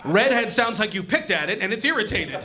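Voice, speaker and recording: A young man performing a stand-up comedy set on a club stage, animated and acting out the voices of the people in his jokes. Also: high-pitched, a little fast, background noise. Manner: animated, acts out voices and punchlines.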